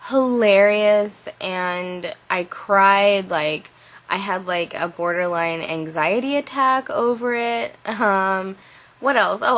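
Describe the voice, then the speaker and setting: A young adult woman telling a story to camera in a casual vlog, animated and full of "like" fillers. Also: medium pitch, poor audio. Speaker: vlogger.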